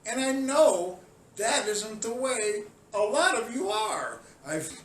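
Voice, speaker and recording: A man from Chicago giving a scolding, sarcastic monologue that often climbs into shouting. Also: high-pitched, expressive, slow. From Chicago, USA. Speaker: video commentator. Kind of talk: heated monologue rant. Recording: roomy sound, distant mic, faint ambience.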